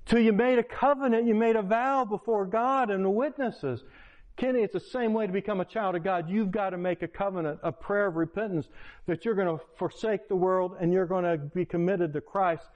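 A man, a pastor, preaching a sermon by retelling a personal story with quoted dialogue. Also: fairly quick. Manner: animated retelling with quoted dialogue, pitch rising in excitement. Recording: lo-fi, dull sound.

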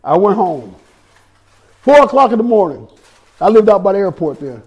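A man's voice: sits high, animated, moderate pace, long pauses. A man preaching a sermon, telling his own testimony with street slang, scripture and repeated words.

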